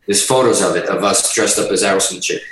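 A man's voice: low voice, quick pace, recorded from a distance. Man, middle-aged, swearing storyteller, roomy echo, set back from the mic. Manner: profane, rambling, animated. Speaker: musician guest telling stories. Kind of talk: casual storytelling chat.

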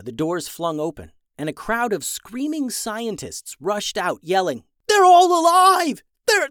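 A man reading a children's adventure story aloud with lively, dramatic delivery. His voice sits a touch higher than most men's, and the recording is close and dry. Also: dry recording. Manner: animated, dramatic rises in tension.

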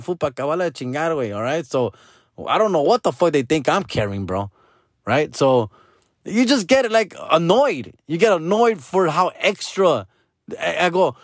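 A man's voice: on the high side, lively intonation, moderate pace, no echo, clean studio sound. Profane, exasperated man. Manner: exasperated, slangy, swears constantly. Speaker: comedian. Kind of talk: profane Spanglish stand-up rant.

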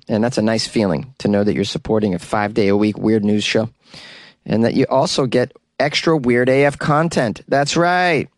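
A man from the Boston area hosts his comedy news podcast at a middling pitch. He is sarcastic and chuckles at his own jokes. The sound is dry and close to the mic. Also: no echo. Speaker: podcast host. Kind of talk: casual comedic monologue.

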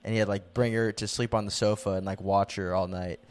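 A man's voice: lowish voice, fairly even intonation, brisk, clean tone. A young man co-hosting a podcast, telling a story in casual chat, laughing often and saying "dude" and "like" a lot. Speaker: podcast co-host.

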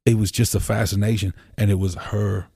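A man's voice: fairly low pitch, little pitch movement, fairly quick, gravelly, dark tone, slightly rough, no room sound, clean studio sound. A man from Pennsylvania, a podcast guest, telling stories in a loose, rambling way, full of "you know" fillers and casual swearing. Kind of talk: casual storytelling conversation. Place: home room.

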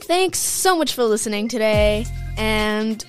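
High-voiced young woman telling stories. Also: animated, unhurried, soft background music. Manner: chatty storyteller, laughs often. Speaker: podcast co-host. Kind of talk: casual chat.

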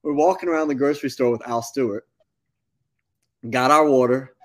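A man, a musician guest telling a long story in a casual, animated interview. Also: mid-range voice, normal speed. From North Carolina. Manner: animated anecdote-telling, with quoted asides.

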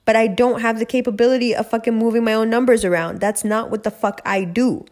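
A woman's voice: a little high, fairly even intonation, fast talker, a little mellow, lightly acted. A woman voicing a grumpy air conditioner that complains in a matter-of-fact, profane way. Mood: annoyed. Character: grumpy, stuck air conditioner talking back.

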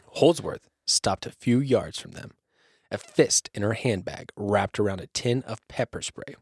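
A man's voice: lowish voice, lively intonation, unhurried, gravelly, slightly rough, dry recording, studio quality. Man reading a spooky story on a podcast. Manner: profane, jokey, reads aloud. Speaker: podcast host.

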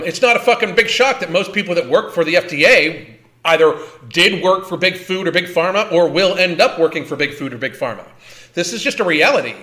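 High, bright-voiced man ranting bluntly. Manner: blunt, heated, swears a lot, repeats words. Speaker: host reacting to a clip. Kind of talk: profane ranting commentary.

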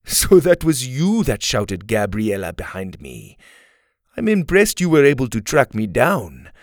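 A man's voice: medium pitch, wildly swooping pitch, a little slow, no echo, studio quality. A man voicing a playful, menacing male villain in a children's audio story. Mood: teasing. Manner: teasing, then threatening.

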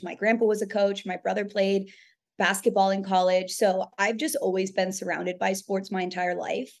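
Young woman from New York, chatty storyteller, mid-pitched voice, casual interview guest. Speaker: radio producer and host.

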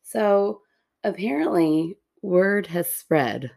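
Gravelly-voiced woman telling a story. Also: on the low side, slow pace. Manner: animated, self-deprecating storyteller who laughs often. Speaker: podcast co-host. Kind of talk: casual chat, storytelling.

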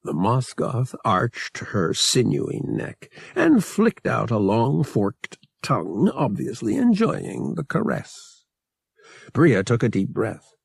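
A man reading an audiobook in measured, expressive scripted narration. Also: medium pitch, gravelly, slightly rough, no room sound, clean studio sound.

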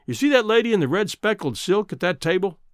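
Guy putting on a loud brash cowboy rancher, drawly slangy, high and lively. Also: fast, smooth, no room sound, studio quality. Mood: boisterous.

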